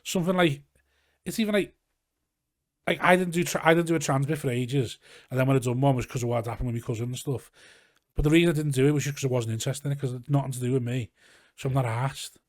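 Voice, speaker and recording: Scouse comedian guy rambling fast, lots of restarts, middle pitch. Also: steady tone, a little mellow, no echo, clean studio sound. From Liverpool, England. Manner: rambling, swears freely, many restarts. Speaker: comedian guest. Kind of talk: casual podcast chat. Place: garage studio.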